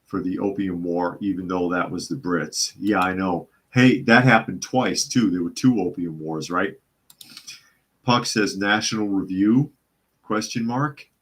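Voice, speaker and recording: A man with a very deep voice hosts a live news commentary podcast. He reads reports and viewer comments aloud and breaks in with sardonic, skeptical asides in a loose, conversational way. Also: fairly bright tone. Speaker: podcast host.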